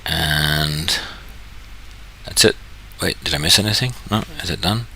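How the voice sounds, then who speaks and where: A man from New Zealand talks through his screen in a casual walkthrough, thinking out loud and cracking jokes at himself. His voice is very deep and gravelly, yet sharp and bright on top. A faint background noise runs beneath him. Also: a little slow. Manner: thinking aloud, self-correcting, jokey. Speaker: trading channel host.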